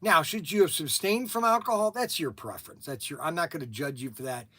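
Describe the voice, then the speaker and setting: A man's voice: fairly high pitch, fairly quick, fairly bright tone, no echo. A man hosting a store livestream, telling casual stories in a rambling way, repeating himself and laughing at his own tales. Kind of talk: casual storytelling.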